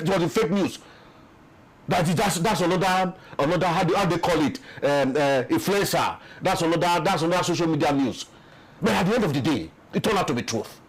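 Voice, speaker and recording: A man's voice: sits high, poor audio. A man with a Nigerian English accent, giving impassioned, emphatic political commentary as an interview guest and repeating words as he builds his points. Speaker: interview guest, peace commission official.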